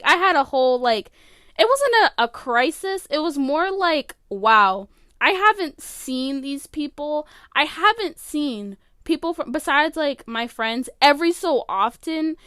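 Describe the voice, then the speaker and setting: A woman's voice: sits high, expressive, unhurried, fairly bright tone, no room sound, studio quality. A teenage girl hosting her own podcast, rambling casually with lots of fillers and open emotion. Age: late teens. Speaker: podcast host. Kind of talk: casual solo podcast chat. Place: her bedroom.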